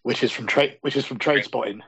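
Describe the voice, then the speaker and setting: A man co-hosting a podcast, talking in a relaxed, conversational way. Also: medium pitch, fairly quick, gravelly, slightly rough, no room sound. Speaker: podcast co-host. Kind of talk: casual chat. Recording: slightly muffled, dull sound.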